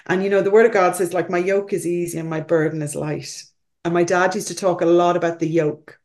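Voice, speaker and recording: A woman's voice: lowish voice, steady tone, fairly quick, darkish tone. A woman pastor talking in a heartfelt, earnest way on a faith talk show, telling personal stories.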